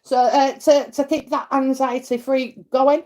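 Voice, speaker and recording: A middle-aged woman with a Yorkshire accent, hosting a live psychic stream and chatting warmly with viewers between comments, full of fillers and endearments. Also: high-pitched, fairly even intonation, measured pace. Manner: chatty, many fillers, laughs, calls people darling and lovely. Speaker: psychic reading host.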